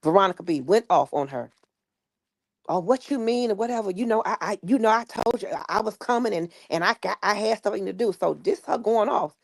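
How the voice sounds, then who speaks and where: Gravelly woman telling a story. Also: mid-range voice, brisk, dry recording, clean studio sound. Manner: animated retelling with quoted voices. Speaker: guest recounting stories. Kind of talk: casual storytelling.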